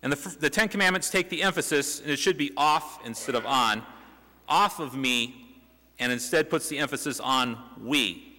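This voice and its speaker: A man's voice: a little high, brisk, few pauses, sharp tone. A young man preaching a sermon in a church, talking in a conversational way with rhetorical questions and restarts. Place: church sanctuary. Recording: reverberant church hall.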